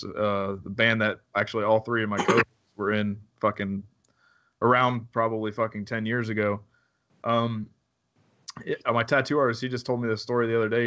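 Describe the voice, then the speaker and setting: A man hosting a casual interview, laid-back and swearing, laughing often. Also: lowish voice. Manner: relaxed, profane, laughs often. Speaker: interview host. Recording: dull lo-fi recording.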